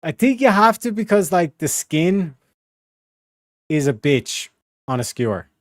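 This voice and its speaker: A man in his younger years chats loosely to his stream, drifting between thoughts with plenty of "bro". His voice sits a little high for a man, and the sound is close and dry with no room around it. He is relaxed and slangy throughout. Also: measured pace, no echo. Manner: rambling, slangy, peppered with "bro" and "you know what I mean". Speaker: livestream host. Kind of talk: casual chat.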